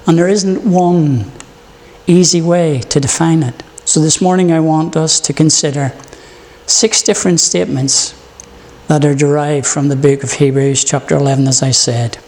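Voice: mid-range voice, fairly even intonation, moderate pace, a little mellow, big-room sound. A preacher opening with prayer, then delivering an earnest morning sermon with stories.

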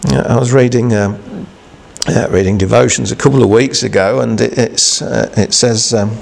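Man, preacher, informal sermon, gravelly voice, halting, rhetorical questions. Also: mid-range voice, fairly even intonation, a little mellow. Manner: halting, conversational, with many restarts and rhetorical questions.

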